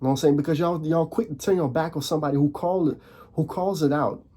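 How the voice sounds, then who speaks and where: A young man rants casually to the camera on his own channel, fired up, often restarting and repeating words as his voice jumps higher on emphatic points. He speaks fast, with a dark tone and a breathy edge.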